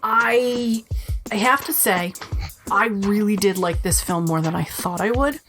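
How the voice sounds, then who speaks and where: Brief: woman podcast co-host, animated and profane storyteller, faint music underneath. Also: mid-range voice, measured pace. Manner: lively storyteller, swears freely, acts out quotes. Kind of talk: casual chat recapping a film.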